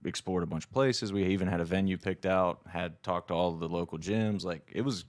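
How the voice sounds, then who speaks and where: A podcast host with a very low voice talks in a relaxed, casual way. He reacts often and fills his sentences with "like". His voice sounds dry and close, with very little room echo. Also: brisk.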